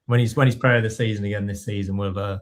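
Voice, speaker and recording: Low-voiced man hosting a podcast. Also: fairly even intonation, fast talker. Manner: wry, teasing presenter. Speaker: podcast host. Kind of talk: casual chat.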